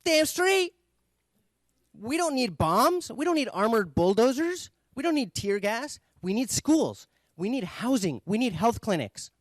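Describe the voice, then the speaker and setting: A furious grown man shouts out his grievances in a raised, strained pitch, as a man acts him out. He hammers each complaint loudly, one short burst after another. The sound is dry and close, with no room echo. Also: big pitch swings, a little slow, heavily acted. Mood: indignant. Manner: shouting, accusing. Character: furious adult male heckler shouting grievances.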